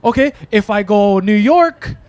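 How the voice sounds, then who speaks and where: This Hawaii church pastor speaks in a high, lively voice at a moderate pace, with no room sound. His conversational sermon is casual and searching, full of restarts and frequent "right?" checks.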